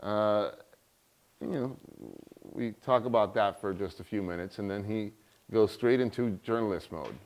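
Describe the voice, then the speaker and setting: A middle-aged man giving a guest lecture tells an anecdote in a lowish, unhurried voice. He's animated, acting out the voices of the people he quotes.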